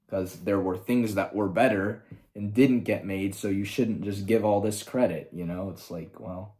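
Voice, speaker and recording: A man ranting casually as a video creator, excitable and profane, with quick asides. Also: on the low side. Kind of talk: casual rant. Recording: roomy echo.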